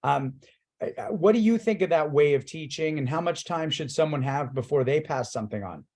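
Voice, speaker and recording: A man hosting a martial arts talk show asks his questions loosely, with false starts and the odd swear word. His voice sits a little higher than most men's. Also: animated, a little fast, a little mellow. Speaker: podcast host. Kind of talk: casual interview chat.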